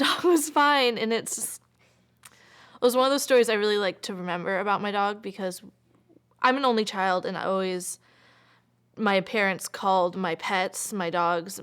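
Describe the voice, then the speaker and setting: A woman's voice: mid-range voice, a bit bright. A woman in her twenties telling a personal story in an interview, chatty and full of filler words, sometimes dropping almost to a whisper. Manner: chatty, frequent filler "like", drops to near whisper.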